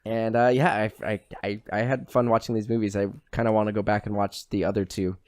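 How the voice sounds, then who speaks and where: A man hosts a casual podcast chat, rambling with lots of "like" and the odd swear word. His voice is fairly low, level, and darkish, and he talks fairly quickly. The recording is studio quality with no echo.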